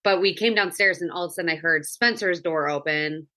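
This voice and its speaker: A woman in her thirties hosting a relaxed podcast chat, with a fairly low but bright, forceful voice. She tells everyday stories in a chatty way and laughs easily. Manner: chatty, storytelling, quick to laugh. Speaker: podcast host.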